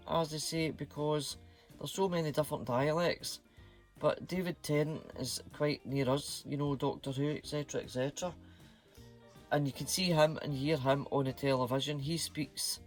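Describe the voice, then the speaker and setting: A Scottish man chatting casually to camera as a vlogger, dropping Scots slang words as he talks. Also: mid-range voice.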